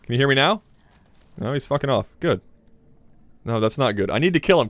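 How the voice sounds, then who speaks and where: A young man giving joking, excitable commentary while playing a survival horror game, talking to his viewers and swearing when startled. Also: mid-range voice, normal speed, pauses often. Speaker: gaming channel host.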